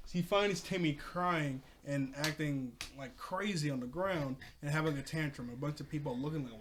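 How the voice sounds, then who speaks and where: A man casually recapping a cartoon episode, excitable and laughing often as he talks to his viewers. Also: a little high, fairly quick, hardly any pauses. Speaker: cartoon reviewer.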